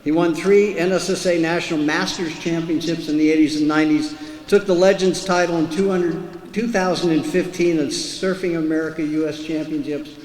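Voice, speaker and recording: A man's voice: fairly high pitch, fairly even intonation, normal speed, a little mellow. A man giving a formal introduction of an inductee at a ceremony, punching key words with emphasis. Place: ceremony hall on a PA system. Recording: echoey hall with a long reverb.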